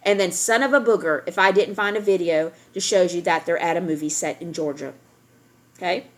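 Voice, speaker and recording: A woman's voice: on the low side, fairly quick. A woman ranting straight to her viewers, emphatic and lecturing, driving points home by repeating them. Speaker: vlogger addressing viewers. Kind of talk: direct-to-camera rant.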